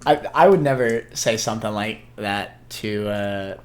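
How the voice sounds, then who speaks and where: A young man on a casual podcast who tells stories at a steady pace, with a lot of "uh" and "like". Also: lowish voice, unhurried, slight background noise. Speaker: podcast co-host.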